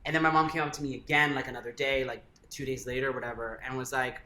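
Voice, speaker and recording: A man's voice: mid-range voice, steady tone, fast talker, bright, forceful tone. A young adult man telling a personal story in casual chat, filling his speech with "like". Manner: chatty, many fillers like "like". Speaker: guest. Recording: echoey room, faint ambient noise.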